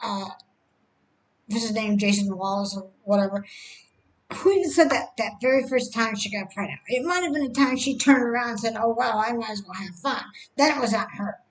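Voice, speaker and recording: Woman, high voice, opinionated reaction commentary, halting, restarts. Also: rough recording. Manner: opinionated, stresses that views are her own.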